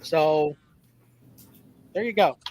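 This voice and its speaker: A man's voice: on the high side, drawn-out words, darkish tone, slight background noise, low-quality recording. A man hosting a casual sports talk show with callers, blunt and profane.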